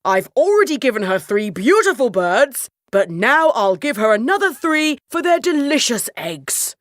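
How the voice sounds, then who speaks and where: A jolly storybook king voiced by a woman, slightly high and full of lively swoops, unhurried and grand. Every line lands with hearty emphasis. The voice sits dry and close to the mic. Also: no echo. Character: jolly, generous old king, grand and eager. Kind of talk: storybook character voice.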